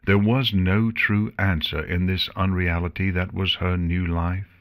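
A man narrating an audiobook with measured, somber delivery. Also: sits low, fairly even intonation, no room sound, studio quality. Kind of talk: audiobook reading of fan fiction.

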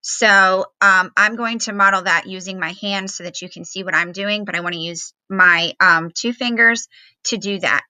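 With no room sound around her, a woman teaches phonics remotely to young kids, patiently and encouragingly sounding out letters and syllables slowly. She speaks at a medium pitch with a sharp tone.

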